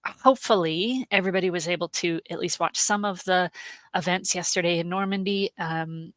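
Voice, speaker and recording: A woman hosting a live stream, chatting warmly and greeting viewers by name, with many "um"s, emotional and close to tears. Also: lowish voice, normal speed, dry recording. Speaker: host, genealogy research specialist.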